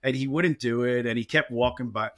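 A man with a New Jersey accent, an injury lawyer co-hosting a podcast, telling courtroom stories in casual chat with lively mimicry. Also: mid-range voice, fairly quick. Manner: storytelling, animated mimicry of opposing lawyers.

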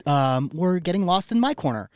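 A man's voice: on the high side, very animated, normal speed, dry recording. A young man hosting a casual podcast from a small studio in a theater building, joking and rambling as he talks. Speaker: podcast host.

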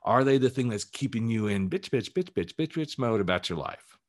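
A man's voice: mid-range voice, lively intonation, moderate pace. A man who works as a life coach, giving a candid, emphatic motivational talk on his podcast and swearing casually as he goes.

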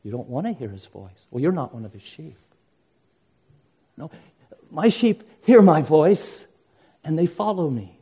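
Older male pastor, earnest sermon delivery, mellow, slightly higher voice. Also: expressive, measured pace, long pauses, breathy edge. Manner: earnest preaching, rising to impassioned emphasis.

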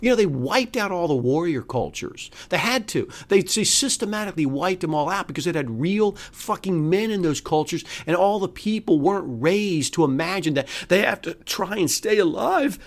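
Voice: medium pitch, expressive, normal speed, few pauses. A podcast host delivering an angry, profane, sarcastic solo rant. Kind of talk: solo ranting monologue.

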